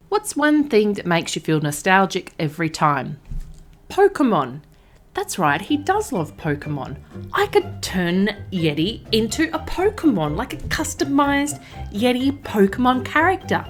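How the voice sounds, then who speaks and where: An Australian woman who makes art and craft videos, talking in a chatty, expressive way and laughing often. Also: on the low side, a little slow, faint music behind. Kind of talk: casual vlog narration.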